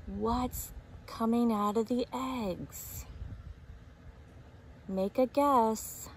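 A woman teacher reading a picture book aloud to preschoolers, gently explaining and asking them questions. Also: fairly high pitch, very slow, slight background noise. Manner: asks young listeners questions, explains gently.

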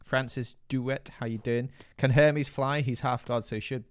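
A man's voice: mid-range voice, fairly even intonation, moderate pace. A British man hosting a live gaming stream, chatting playfully and reading viewer comments aloud. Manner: chatty, playful, jokey banter with chat.

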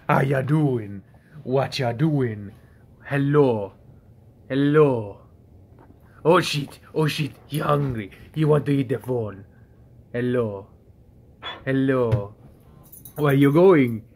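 A man's voice: medium pitch, vocal fry, a little mellow, slightly rough. A man lingers over every word as he chats to his pet at home. His talk is teasing and full of casual swearing. He sounds close to the phone that is filming. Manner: teasing, profane baby-talk to an animal. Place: indoors at home.

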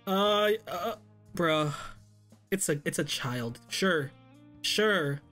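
Excitable, animated male let's play host. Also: a little high, very slow, soft background music. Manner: excitable, laughing, slangy. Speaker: gaming channel host.

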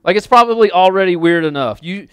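A man's voice: sits high, animated, fast talker, fairly bright tone, clear, resonant tone, no room sound. A man preaching a sermon as pastor, in a loose, conversational way full of casual fillers and repeats, speaking in a church. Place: church sanctuary with a congregation.

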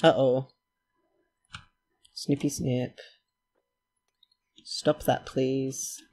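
A man giving chatty gameplay commentary, talking to himself and his characters and quickly getting excited. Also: medium pitch. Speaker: let's play host.

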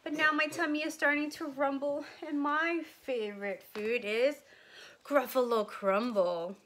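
A woman doing a quick, bright little mouse. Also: high-pitched, pitched above the performer's own voice. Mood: cheeky.

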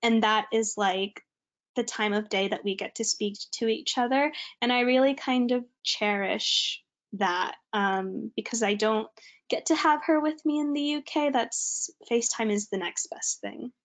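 A woman's voice: on the high side, measured pace. A young woman from California with an American accent, giving a chatty, informal online presentation as a student.

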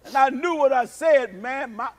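A man preaching a sermon as pastor, animated and storytelling. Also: normal speed. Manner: animated preaching, acts out childhood prayers in high cries.

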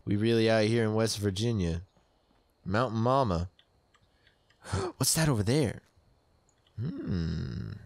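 Young man, let's play commentary, jumpy, shrieks when startled, unhurried, animated pitch. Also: gravelly, dry recording. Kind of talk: casual gameplay commentary.

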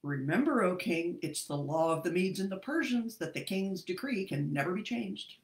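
Scheming, flattering male court advisers, smug and insistent, voiced by a woman teacher in a reading. Echoey room. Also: lowish voice, moderate pace.

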